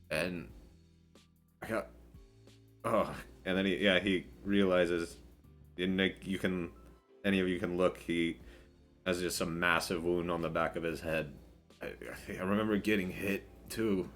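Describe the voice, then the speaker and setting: A man's voice: deep voice, a bit bright. A man voicing a drunk, wounded male middleman who rambles and halts as he talks, with a raised voice. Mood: dazed. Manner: rambling, slurred, halting.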